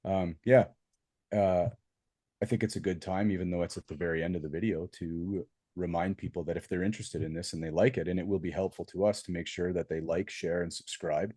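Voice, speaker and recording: A man's voice: low-pitched, fairly even intonation, fairly quick, mellow, slightly rough, no room sound, clean studio sound. A man co-hosting a podcast in casual chat, speaking in an earnest, reflective way. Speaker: podcast co-host.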